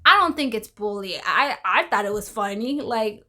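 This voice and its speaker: A woman's voice: mid-range voice, animated, moderate pace, sharp tone. A woman vlogging casual commentary, rambling, repeating herself and exclaiming as she goes.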